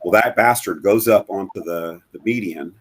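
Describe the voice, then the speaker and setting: A middle-aged man telling a personal story as a guest in a live interview, halting and earnest, with many fillers and restarts. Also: low-pitched, slight background noise. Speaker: guest, bereaved father.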